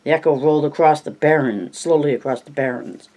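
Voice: medium pitch, fairly quick, mellow. An amateur audiobook reader narrating plainly, with coughs, stumbles and self-corrections.

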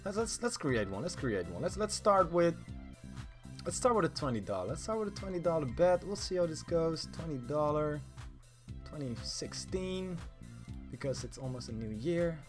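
A man giving casual, excitable commentary while betting on a game, swearing often and swinging from mumbles to yelling. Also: fairly high pitch, moderate pace, music in the background. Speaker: gaming YouTuber.

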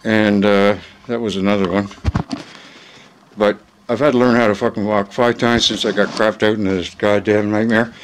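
A man with a somewhat low voice rants into a handheld phone camera in a rambling, casual vlog. He swears constantly and talks heatedly, tossing in "right?" again and again. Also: little pitch movement, moderate pace, slight background noise, low-quality recording. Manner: profane and heated, keeps asking "right?". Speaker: vlogger.

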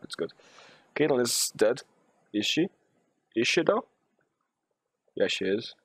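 A young man streaming a game live, talking to himself and yelling and swearing in sudden bursts at his teammates. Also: mid-range voice, sing-song, slow, breathy edge, dry recording. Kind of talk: live gameplay commentary.

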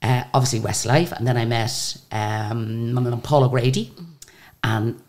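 An Irish woman with a very deep voice telling lively anecdotes in a casual interview. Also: measured pace. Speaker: singer and guest.

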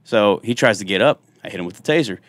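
Animated man telling cop stories. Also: fairly low pitch, fast, no room sound. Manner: animated, jokey storyteller who acts out quotes. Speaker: country singer and former police officer. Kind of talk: casual storytelling in a podcast interview.

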